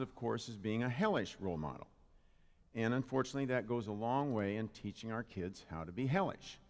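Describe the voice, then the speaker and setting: A man giving a humorous, playful sermon to a live congregation, speaking into a microphone and drawing the audience in. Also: on the low side. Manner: playful, jokey, engages the audience. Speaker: spiritual practitioner giving a talk. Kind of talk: humorous Father's Day sermon. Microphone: handheld or stand microphone. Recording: long reverb of a hall.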